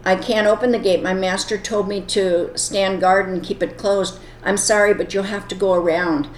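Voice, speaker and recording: A woman voicing a polite young servant boy who answers softly and firmly, in an echoey room. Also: mid-range voice, steady tone, moderate pace, a little hiss or hum, natural voice. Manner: soft, quiet and polite.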